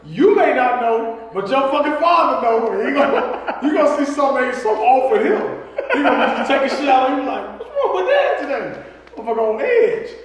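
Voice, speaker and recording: A podcast co-host with a high voice tells family stories in a loose, profane chat, animatedly acting out other people's lines. He talks a little fast. He sits far from the mic in a very echoey room with a long reverb tail.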